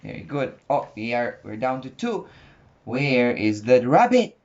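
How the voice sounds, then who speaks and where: A man's voice: mid-range voice, big pitch swings, measured pace, a little mellow. A man at home patiently coaxing his toddler, repeating simple questions in a casual home video. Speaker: father teaching his toddler. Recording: muffled home recording with faint hiss.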